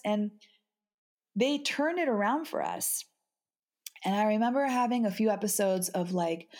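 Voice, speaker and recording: Halting, emotional woman guest. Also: a little high, darkish tone. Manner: halting, repeats words, restarts often. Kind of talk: emotional podcast conversation.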